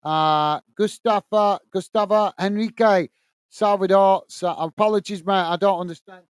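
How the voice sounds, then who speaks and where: High-voiced British man, rambling host. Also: steady tone, moderate pace, clear, resonant tone, no room sound. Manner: rambling, exasperated muttering about tech trouble. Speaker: football watchalong host. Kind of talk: casual live-stream chat, reading out viewer comments.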